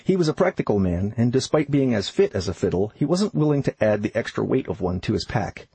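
A man narrating an audiobook in an even, unhurried storytelling manner. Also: medium pitch, husky, no room sound, poor audio.

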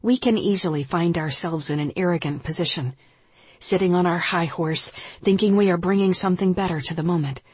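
Woman, yoga teacher, reading spiritual nonfiction aloud, very husky voice, dry close sound, calm measured pace. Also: fairly low pitch, no echo.

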